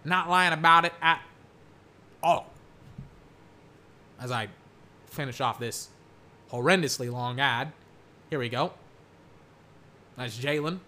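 A young man chatting about football while watching game clips, rambling and excitable, breaking into mock play-by-play calls. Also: mid-range voice, slow, pauses often.

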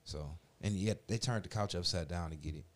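A man's voice: low-pitched, fairly quick. A man in his forties telling a long story in casual chat, full of slang and swearing, acting out the voices of the people in it. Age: 40s. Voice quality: profane slangy street talk, animated retellings.

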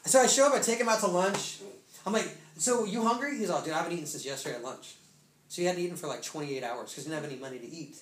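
A man preaching a testimony sermon to a congregation, telling the story in casual, slangy speech with bursts of excitement. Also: a little high, fast. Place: church room. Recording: echoey room, faint noise.

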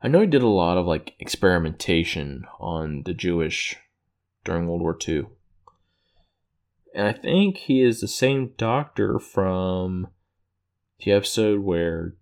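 A man with a somewhat low voice retells a plot in a loose, unscripted way. He rambles, corrects his own slips, and chuckles at what he is describing. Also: lively intonation, takes it slowly, vocal fry, pauses often. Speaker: episode recapper. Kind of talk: casual plot recap.

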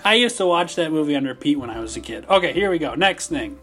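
A young man with a Minnesota accent, co-hosting a casual podcast chat, telling animated stories and laughing often. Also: fairly high pitch, fast. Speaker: podcast co-host.

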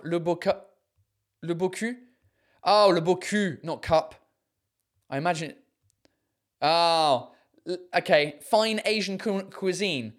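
This host chats loosely on their own podcast while going through listener messages, giggling, laughing in high bursts, and swearing casually. They slow down to sound out French and German words.

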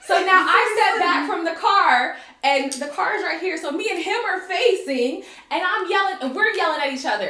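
A young American woman telling a story in animated casual chat, acting out quotes, swearing and laughing often. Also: very high-pitched, normal speed, few pauses. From United States. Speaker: storyteller guest. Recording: echoey room.

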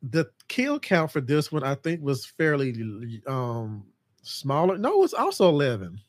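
A man hosting a casual podcast chat about horror films, excitable and jumping into high voices to act out scenes. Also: measured pace, dry recording. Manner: animated, acts out scenes in a high mocking voice. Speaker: podcast host.

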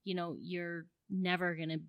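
A woman's voice: fairly low pitch, flat delivery, moderate pace, dry recording, dull audio. Earnest young woman, dry close sound. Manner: earnest, emotional, heavy use of "like". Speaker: podcast co-host. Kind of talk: casual podcast chat.

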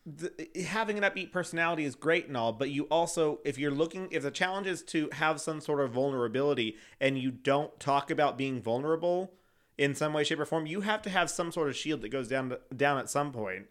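A man's voice: fairly high pitch, fairly quick. A man in his late twenties, co-hosting a casual chat, talking freely and laughing often as he mimics other people. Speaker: podcast co-host.

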